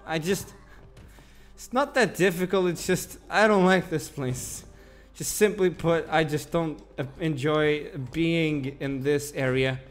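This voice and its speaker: Young male gamer, slightly high voice, unhurried, frustrated cursing commentary. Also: faint music behind. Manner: swearing, self-mocking, frustrated grumbling. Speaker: gaming channel host. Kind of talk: casual gameplay commentary.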